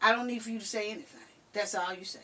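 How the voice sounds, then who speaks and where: An older woman hosting a casual chat, telling stories in an animated way and acting out what people said. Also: medium pitch, very fast, recorded from a distance. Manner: animated storyteller who acts out quotes. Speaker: podcast host.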